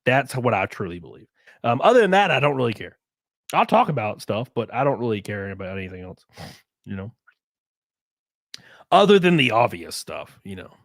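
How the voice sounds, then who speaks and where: A man hosting a livestream, reading viewer donations and ranting in a profane, excitable way. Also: mid-range voice, normal speed, pauses often, no room sound, clean studio sound. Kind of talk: casual livestream chat and rant.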